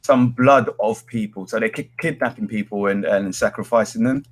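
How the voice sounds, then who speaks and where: A man's voice: fairly low pitch, moderate pace. A man, co-hosting a casual comics chat and talking hesitantly, with many ums and restarts. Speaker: podcast co-host.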